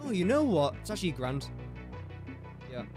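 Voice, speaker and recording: Music plays behind a very animated, high-sitting male voice moving at a moderate pace. A young English gaming streamer from England chats casually on stream, thinking out loud over factory maths in a building game and firing off jokey asides to viewers.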